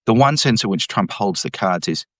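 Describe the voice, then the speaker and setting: Deep-voiced economist explaining with emphasis. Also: male voice, normal speed, no echo. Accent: Australian. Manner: animated, emphatic, mimics voices when quoting. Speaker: economics professor guest. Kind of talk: explanatory interview talk.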